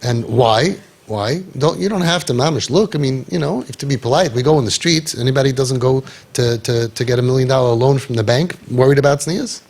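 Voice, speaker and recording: A man guiding parents in an impassioned talk, forceful and sarcastic, peppering his speech with Hebrew and Yiddish terms. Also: medium pitch, a little fast, hardly any pauses. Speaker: parenting guide.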